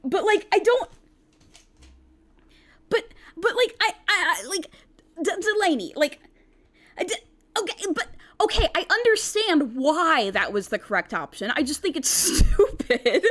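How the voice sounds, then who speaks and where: Brief: chatty woman streamer, rambling and laughing, very lively pitch. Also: a little slow, long pauses. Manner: excitable, giggly, rambling with many restarts. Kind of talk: casual game let's-play. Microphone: desk microphone.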